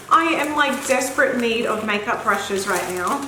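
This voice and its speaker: Brief: young mum vlogger, slightly high voice, effusive and gasping, roomy echo with faint background hum. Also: female voice, moderate pace, few pauses, sharp tone. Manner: gushing, gasps often, effusive exclamations. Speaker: beauty vlogger and mother. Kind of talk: excited unboxing chat. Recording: echoey room with faint ambience.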